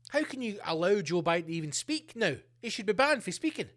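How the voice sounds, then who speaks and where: A man's voice: high-pitched, big pitch swings, a little fast, a bit bright. A man hosts a solo podcast with a slightly raised voice. He rants and swears freely, jumping from one tangent to the next. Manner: sweary, ranting, jumps between tangents. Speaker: podcast host.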